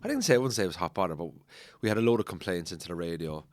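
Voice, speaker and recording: A man, a comedian and radio host guesting on a podcast, telling an animated story and acting out the voices in it. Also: low-pitched, racing, dry recording, clean studio sound. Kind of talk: casual chat, anecdotes.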